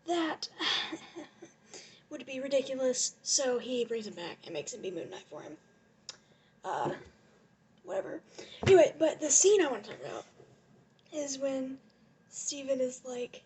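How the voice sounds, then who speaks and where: A young woman rambling excitedly in a casual vlog rant, gushing and laughing often, recorded on a propped-up phone. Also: high voice, moderate pace, pauses often, a little hiss or hum. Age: young adult. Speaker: vlogger. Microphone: phone propped on a lotion bottle.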